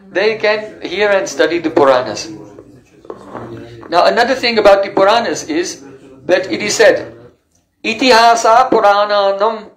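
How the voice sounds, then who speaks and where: A man with a fairly high voice gives a spiritual lecture, explaining terms carefully and pausing on "uh" and "um" as he searches for words. His voice rings in an echoey room. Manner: explanatory, with fillers and self-corrections. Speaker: teacher of scripture.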